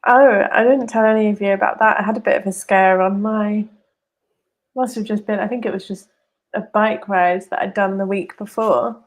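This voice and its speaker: A woman's voice: mid-range voice, fairly even intonation, normal speed. Woman candidly telling a story. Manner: candid, storytelling with quoted reactions. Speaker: podcast co-host. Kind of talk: casual chat.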